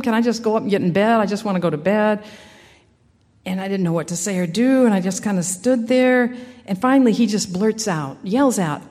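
A woman's voice: mid-range voice, a little mellow, big-room sound. A woman giving an earnest personal faith testimony in a conversational storytelling way, with frequent restarts. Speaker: speaker sharing a personal testimony.

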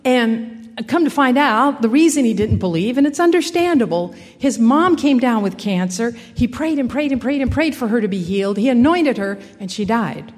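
A woman's voice: a little high, lively intonation, moderate pace, darkish tone. Woman telling a faith story in an echoing hall. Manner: earnest, conversational, frequent restarts. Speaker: speaker sharing a personal testimony. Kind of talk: personal faith testimony, storytelling.

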